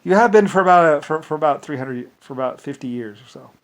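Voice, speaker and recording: A man's voice: on the high side, animated, fast talker, rough recording. A man in a casual, rambling rant, scornful, full of restarts and fillers.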